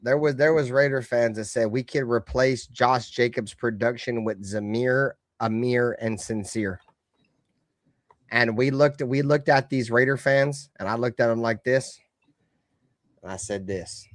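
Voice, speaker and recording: A man co-hosting a heated fan sports stream, cursing and swinging between loud outbursts and low mutters. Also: lively intonation, unhurried, no room sound, studio quality. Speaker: co-host of a fan sports show.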